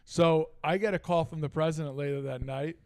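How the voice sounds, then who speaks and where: A man's voice: fairly high pitch, fairly quick, clear, resonant tone. A middle-aged man co-hosting a casual sports talk show, telling a heated story with lots of asides. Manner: animated, heated retelling with frequent asides. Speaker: podcast co-host.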